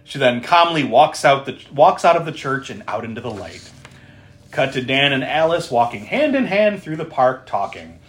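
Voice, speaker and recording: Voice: medium pitch, very animated, normal speed, slight background noise. A podcast co-host recapping a film in casual chat, laughing often, swearing freely and tossing in sarcastic asides.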